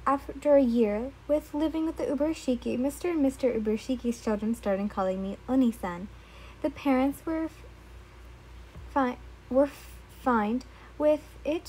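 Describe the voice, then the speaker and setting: Halting woman reading fan fiction. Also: high-pitched, darkish tone, husky, rough recording. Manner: halting, frequent self-corrections while reading. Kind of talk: first-person fan fiction read aloud.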